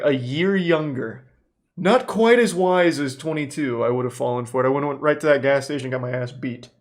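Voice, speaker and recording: A man in his thirties hosting a casual reaction commentary, telling stories in a profane, animated way. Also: a little high. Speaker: host reacting to videos.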